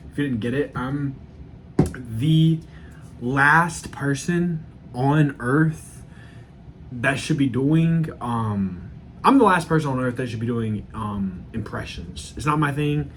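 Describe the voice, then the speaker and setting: A young man in his early twenties hosting a solo vlog. He rambles in a loose, self-deprecating way and swears without a second thought. A faint hum sits under his voice at a mid pitch. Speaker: channel host. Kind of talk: casual solo vlog commentary.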